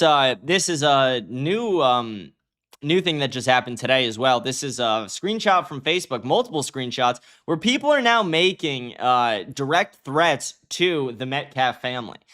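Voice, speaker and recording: A man's voice: mid-range voice, a bit bright. A young man hosting a livestream, giving angry, profane commentary and reacting to his chat. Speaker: livestream host.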